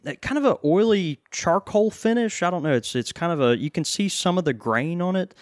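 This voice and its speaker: A man co-hosting a casual podcast chat, relaxed and full of fillers and restarts. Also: sits high, a little fast, dry recording, studio quality. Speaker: pipe shop co-host.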